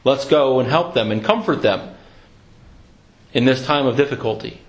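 A man preaching a sermon in an earnest, reflective way, slowing down to quote scripture. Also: medium pitch.

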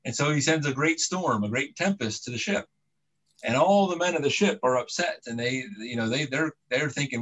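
A man's voice: medium pitch, normal speed, poor audio. A man preaching a sermon, retelling the story in a casual, conversational way with asides and restarts.

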